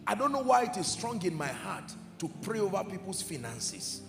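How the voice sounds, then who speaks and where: A man preaching a sermon in an emphatic, fervent way, sometimes shouting and sometimes dropping to a hush. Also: sits high, very animated, normal speed, gravelly. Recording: echoey hall with music behind. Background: soft music.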